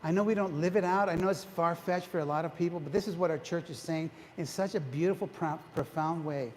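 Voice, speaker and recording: A man's voice: fairly high pitch, fairly quick, a little mellow. A man giving a retreat talk, preaching to a congregation, quizzing his listeners and often restarting his sentences. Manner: engaging, quizzes the audience, frequent restarts. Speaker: retreat speaker. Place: church hall. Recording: long hall reverb, faint background noise.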